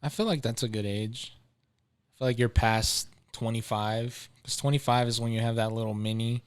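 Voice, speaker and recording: A man's voice: mid-range voice, steady tone, normal speed, clear, resonant tone. A man co-hosting a casual podcast chat, laid-back and leaning on filler words as he talks. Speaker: podcast co-host.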